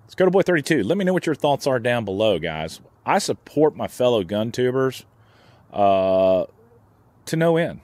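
A man's voice: mid-range voice, sing-song, moderate pace, a little mellow, dry recording. A man hosting his own channel, speaking in a heated, indignant vlog rant with frequent restarts. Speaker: gun channel host. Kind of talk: opinion vlog commentary.

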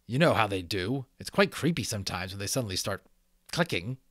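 A man's voice: medium pitch, expressive, unhurried, a bit bright, dry recording, clean studio sound, voice pushed up. A man reading aloud and voicing a defensive boy who hurries to hide a secret. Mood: flustered.

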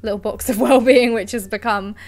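A woman's voice: on the high side, fairly even intonation, brisk, darkish tone, faint music behind. A young woman chatting casually on her live stream, giggly and affectionate toward her cat, speaking into a desk mic at home. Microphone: desk microphone.

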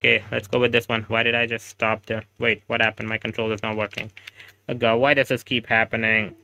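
A gaming streamer with an Indian English accent chats casually on his livestream, reading the chat aloud and laughing often. His lowish voice is gravelly and sharp, brisk and level in tone. He uses a home streaming setup microphone.

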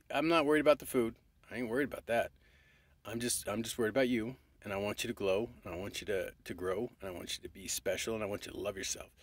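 A man's voice: medium pitch, fairly bright tone, no room sound. A man talking straight to his viewers in a rambling, affectionate, profane motivational monologue. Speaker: vlogger.

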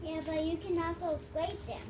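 A woman's voice: extremely high pitch, little pitch movement, normal speed, a little mellow, recorded from a distance, slight background noise. A young girl chiming in with curious questions beside her mother. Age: child.

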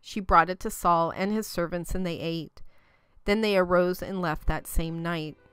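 A woman reads scripture aloud in a steady, measured way. Her voice is low for a woman, smooth and clear. The recording is close and dry. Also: dry recording. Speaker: scripture reader. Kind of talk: scripture reading.

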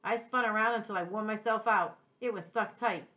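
A woman reading a children's chapter book aloud as a teacher, in a gentle and clear storytelling voice. Her pitch sits in a middle range, and she corrects the occasional slip as she goes. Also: brisk. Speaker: second-grade teacher.

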